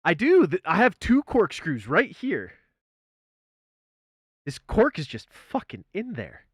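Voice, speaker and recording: A man streaming live, chatting casually in an animated way, swearing freely and exclaiming loudly. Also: high voice, slow pace, breathy edge, no echo.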